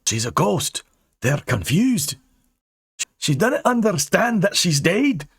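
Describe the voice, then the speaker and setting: A man's voice: sits high, very animated, slow pace, creaky, a bit bright, slightly rough, no room sound, clean studio sound, voice pushed up, heavily acted. A man voicing a blunt male dwelmer archer who calls the others lad.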